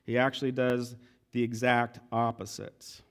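A man's voice: mid-range voice, a little slow. A man preaching a sermon as pastor, joking and playful in his delivery. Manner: joking, playful, self-deprecating; animated, lively delivery.

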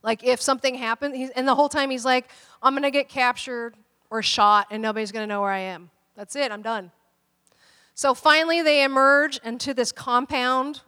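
A woman's voice: on the high side, fairly bright tone. A woman pastor telling a story in a casual, chatty sermon, with plenty of fillers and restarts. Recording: long hall reverb.

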